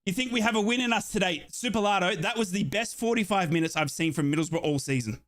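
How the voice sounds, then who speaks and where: A man from Australia hosting a live football watchalong, calling scores and reading out chat with excited outbursts. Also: sits high, fast. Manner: excitable, exclaims and reads chat. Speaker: watchalong streamer.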